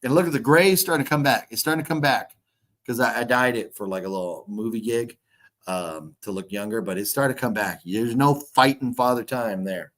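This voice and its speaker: Hosting a laid-back livestream from a hotel room, a fifty-something man reads chat comments aloud, rambling and swearing. His medium-pitched voice is fairly bright and fairly quick.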